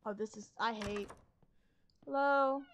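A woman's voice: on the high side, slow, slight background noise. A woman streamer giving casual gameplay commentary, talking to herself in a chatty, wry and sarcastic way.

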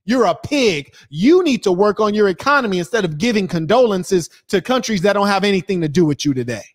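A man's voice: high-pitched, expressive, brisk, dry recording, clean studio sound. Profane, mocking man. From United States. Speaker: podcast host. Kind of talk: ranting commentary.

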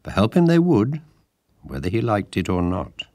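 This is a man narrating a storybook for an audiobook, his voice very deep, his pacing steady, his storytelling spirited. Captured close and dry, the audio has no room sound and no echo.

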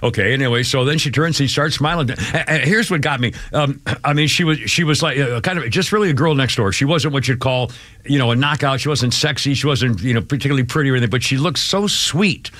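A man in his seventies hosting a talk radio show, telling a story in a rambling, halting way with many restarts. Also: medium pitch, a bit bright. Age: 70s. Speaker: radio host. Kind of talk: casual radio chat.

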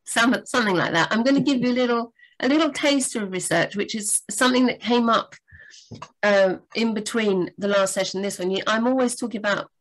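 A woman co-hosting a live writing Q&A, chatty and rambling, with sudden lively jumps in pitch. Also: fairly quick. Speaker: book editor and co-host. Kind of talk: live Q&A chat.

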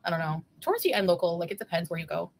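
A woman's voice: lowish voice, sing-song, very fast, vocal fry, a little hiss or hum. Chatty, giggly woman livestreamer. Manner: chatty, giggly, answers viewers. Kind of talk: casual livestream chat.

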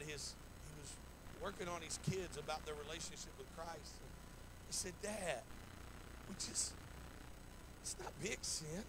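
Male pastor, homespun sermon delivery, slightly raised pitch, faint background noise. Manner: folksy, repetitive, acts out anecdotes in quoted voices. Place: church sanctuary.

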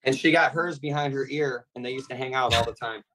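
A man's voice: mid-range voice, a little fast, fairly bright tone, slight background noise, poor audio. Rambling man on a video call. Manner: long-winded, meandering, filler-heavy. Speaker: defendant in a court hearing. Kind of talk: rambling joke storytelling.

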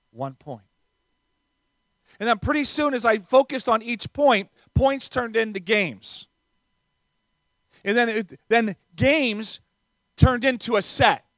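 A man with a non-Southern American accent preaches in a high, light voice. His style is conversational, with small fillers, and the sound is dry and close. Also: fairly bright tone, dry recording. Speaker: visiting pastor. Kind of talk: sermon. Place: church sanctuary.

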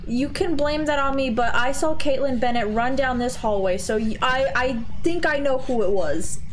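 A young woman streaming a game with friends, joking loudly and crudely in casual chat. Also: sits high, moderate pace, a little hiss or hum. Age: young adult. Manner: loud, joking, crude and playful.

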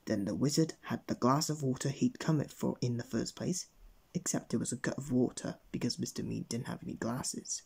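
A man reading a bedtime story aloud in a gentle, expressive way. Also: mid-range voice, brisk, gravelly, breathy edge.

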